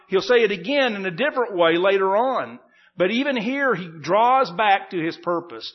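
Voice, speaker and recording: A man's voice: high-pitched, animated, normal speed, highs cut off. A man preaching an expository sermon, earnest and emphatic, often repeating and restarting his phrases. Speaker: pastor.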